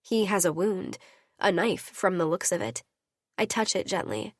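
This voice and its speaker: A woman's voice: lowish voice, big pitch swings, a little slow, no room sound, studio quality. A woman narrating a romance audiobook in an intimate first-person reading.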